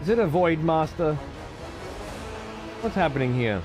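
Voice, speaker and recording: A man's voice: fairly high pitch, animated, a little slow, music in the background. An Australian man streaming a game, swearing freely and ranting in exasperation while he chats to viewers. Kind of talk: casual gaming stream commentary.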